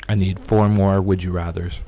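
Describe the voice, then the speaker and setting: A young man hosting a live stream, chatting and rambling excitably while he snacks. His voice sits low. Faint music plays behind him. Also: normal speed. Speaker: livestream host. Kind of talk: casual live-stream chat.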